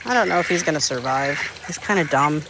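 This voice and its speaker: A woman casually vlogging on her farm, chatting about her animals and cooing at them in a high baby voice. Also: expressive, brisk. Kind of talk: casual vlog narration and talking to animals. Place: outdoors on a farm with birds and horses. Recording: outdoor farm noise behind.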